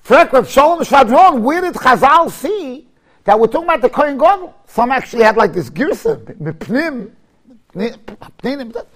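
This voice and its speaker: A man with a very high voice teaches a Torah class at normal speed. He tells his stories with animation, sprinkles in Hebrew and Yiddish terms, and builds up to emphatic shouts.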